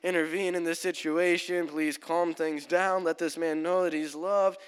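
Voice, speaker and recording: A man doing a soft-spoken, easygoing peacemaker. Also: on the high side, moderate pace, clear, resonant tone, big-room sound, lightly acted. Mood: calm pleading. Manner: soft, apologetic, calm. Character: gentle, easygoing man staying calm under threat.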